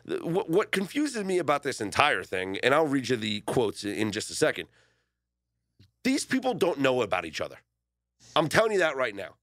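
A man with a bright, ringing tone and a lively, swooping delivery hosts a morning sports talk show. He jokes around and laughs often, in a dry studio with no room sound. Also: mid-range voice, moderate pace, no room sound. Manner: jokey, animated, laughs often. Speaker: radio show host. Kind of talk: casual sports talk chat. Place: radio studio.

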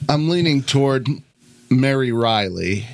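A man co-hosting a podcast in casual chat, low-key with brief replies. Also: expressive, a little slow, a little hiss or hum. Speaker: podcast co-host.

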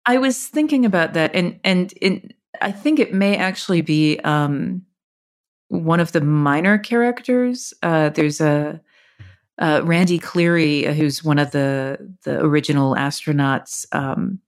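A woman's voice: sits low, lively intonation, unhurried. A woman author talking as a guest on a podcast interview, chatty, with many fillers and restarts.

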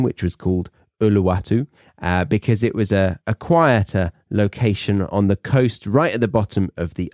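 A man's voice: deep voice, a little mellow, no echo, studio quality. A young British man hosting a podcast for English learners, telling a story in a chatty, self-mocking way with rambling asides. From England. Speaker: podcast host. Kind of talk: casual monologue for English learners.

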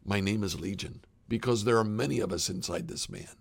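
A man's voice: fairly low pitch, fairly quick, vocal fry, no echo. A man voicing a tormented, possessed man who begs urgently, read aloud from scripture. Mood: pleading. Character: tormented possessed man, pleading, a spirit named Legion.

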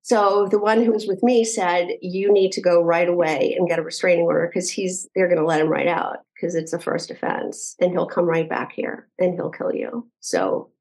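A middle-aged woman speaks as an interview guest, her voice sitting on the low side for a woman. She retells events earnestly and in detail, often restarting her sentences as she goes. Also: steady tone, moderate pace, hardly any pauses, darkish tone, poor audio. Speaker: podcast guest. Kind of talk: personal storytelling interview.

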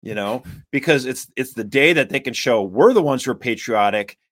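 A man hosting a political talk show, speaking in an animated, emphatic and exasperated way. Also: medium pitch, moderate pace, no room sound. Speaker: podcast host.

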